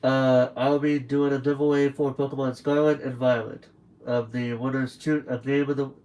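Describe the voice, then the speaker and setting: Through poor audio, a young man speaks at medium pitch with a level tone, moderate pace, and darkish timbre. Streaming late at night from home, he rambles through a story and acts out what others said.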